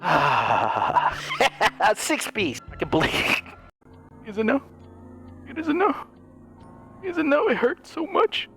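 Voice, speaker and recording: A man giving excited gameplay commentary, giggling and wheezing with laughter constantly and gleefully taunting other players. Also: sits high, slow, creaky, pauses often. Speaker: gaming video creator. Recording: game music playing behind.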